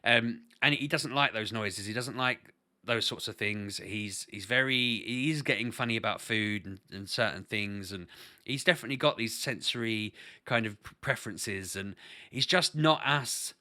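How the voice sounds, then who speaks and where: A man's voice: fairly low pitch, normal speed, sharp tone. A man talking casually to camera as a parent vlogger, earnest and rambling, often restarting his sentences.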